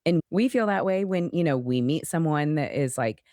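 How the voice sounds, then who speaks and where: Lady cohost with a real low voice, warm encouraging chat, dry mic. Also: animated, normal speed, dry recording. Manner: encouraging, affirming listener. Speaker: podcast co-host. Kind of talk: casual chat.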